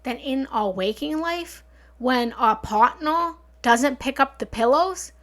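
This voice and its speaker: A woman's voice: high voice, lively intonation, slow, a bit bright. A woman hosting a live meditation talk, chatting earnestly with viewers as she reads their comments, recorded on a studio mic at home. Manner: earnest, chatty, often repeats herself and thanks viewers. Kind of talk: casual live-stream talk, reading and answering comments. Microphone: studio mic through a small soundboard.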